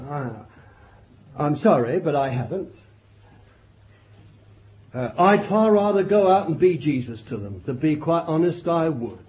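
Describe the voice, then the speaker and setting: An older man preaching a fervent sermon, swinging from loud declarations to low murmured asides and breaking in with praise. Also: animated, unhurried, pauses often. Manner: exclaims hallelujah and glory between points. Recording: dull lo-fi archive recording.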